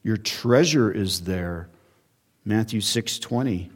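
A male pastor preaching a sermon in a church, earnest, with emphatic rises and quiet drops. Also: lowish voice, slow pace. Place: church sanctuary.

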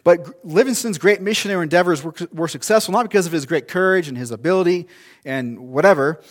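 A man's voice: a little high, fast. A male pastor preaching a sermon in a conversational, storytelling way, with asides and restarts.

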